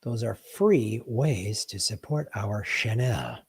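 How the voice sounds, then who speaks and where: A man's voice: fairly low pitch, expressive, slow pace, slightly rough. A man hosting a live stream in casual chat, playful, breaking into sound effects and silly rhymes. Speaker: livestream host.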